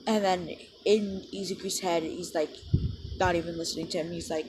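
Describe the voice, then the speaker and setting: A woman casually telling a fan story, rambling along with lots of fillers and dropping into quick quoted lines. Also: on the low side, fairly even intonation, background noise.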